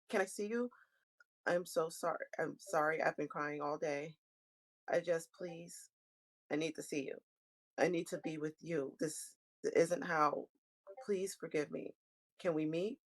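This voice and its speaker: A woman's voice: low voice, low-quality recording. Woman voicing a heartbroken young bride, stammering, tearful, pleading.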